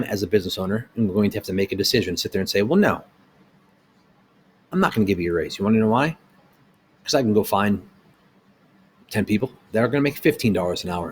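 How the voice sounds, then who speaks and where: Middle-aged man, low voice, blunt small-business owner ranting to camera, faint background hiss. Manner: blunt and heated, asking rhetorical questions. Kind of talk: opinion rant to camera.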